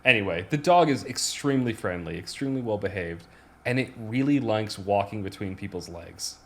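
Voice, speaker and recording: A man with a fairly low voice tells stories on a casual podcast. He rambles, trips over his words and starts sentences over, but keeps chatting easily with his co-host. He sounds relaxed and unscripted. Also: fairly quick. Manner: rambling storyteller, many restarts and fillers. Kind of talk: casual chat.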